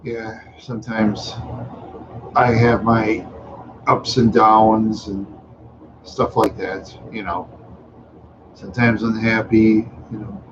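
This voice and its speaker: A man's voice: on the low side, level tone, slow, long pauses, lo-fi sound, noisy background. A tired, yawning man hosting a casual livestream chat, rambling along with many fillers and trailing asides. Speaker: livestream host.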